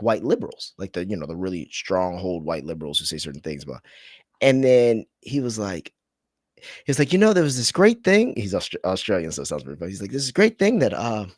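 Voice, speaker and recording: A man's voice: fairly low pitch, no room sound, studio quality. A man hosting a casual podcast chat, rambling and trailing off as he searches for names. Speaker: podcast host.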